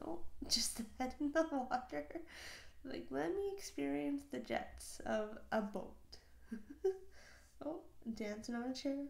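A woman's voice: high-pitched, takes it slowly, vocal fry, a little mellow. A woman hosting a casual reaction video, gushing over animal clips with lots of exclamations and giggles. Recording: roomy echo.

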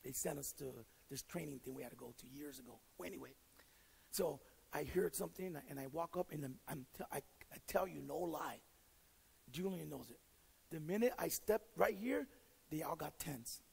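A male pastor delivers a sermon in a rough, husky voice with a gravelly grain. He is blunt and funny, often restarting his words as he tells stories from his own life. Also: fairly high pitch, normal speed, a little mellow, long reverb tail, poor audio. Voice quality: raspy, gravelly. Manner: direct, joking, self-deprecating. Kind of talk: sermon with storytelling.

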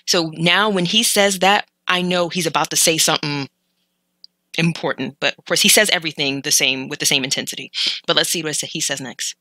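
Low-pitched, bright and forceful, this woman speaks a little fast on poor audio with no room sound. She is a language learner casually walking through vocabulary from clips, hesitating, restarting and correcting herself aloud.

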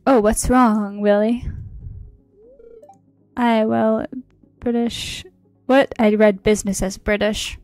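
A playful woman streamer with a slightly high voice, talking slowly and laughing as she plays. She reads her chat aloud and jokes with a friend. Soft music plays faintly underneath. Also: little pitch movement, no echo. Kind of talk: casual gaming stream chat.

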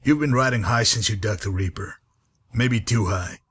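Game NPC: man playing a husky, low-voiced, weary wasteland guide. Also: moderate pace, a bit bright. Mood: weary, dry. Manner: dry, weary, patient. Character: gruff grizzled male wasteland guide. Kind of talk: game character dialogue.

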